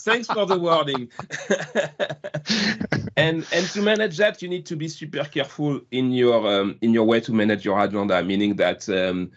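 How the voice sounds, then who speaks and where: A man's voice: medium pitch, a little slow, fairly bright tone. A man in his forties with a French accent, chatting casually as a guest and laughing at himself often. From France. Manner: chatty, self-deprecating, laughs often, many restarts. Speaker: guest product manager. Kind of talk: casual video-call chat. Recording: dull lo-fi call audio.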